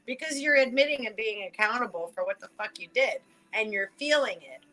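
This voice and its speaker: A woman hosting a casual spiritual reading, chatting and laughing between thoughts, swearing casually and slowing down to read card messages aloud. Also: fairly high pitch, lively intonation, sharp tone, faint music behind, low-quality recording. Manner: reads oracle card messages aloud slowly. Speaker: spiritual reader and channel host.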